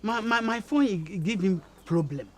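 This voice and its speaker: A man's voice: high voice, lively intonation, moderate pace, faint music behind. A young man with a Ghanaian Pidgin English accent, acting an evasive boyfriend who stammers in a comedy drama.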